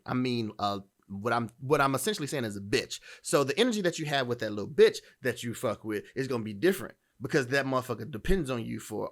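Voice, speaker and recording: A man's voice: mid-range voice, fairly bright tone. A man hosts a dating commentary podcast in a mid-range voice. He talks bluntly and emphatically, swearing freely and often restarting his sentences as he drives a point home. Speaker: podcast host.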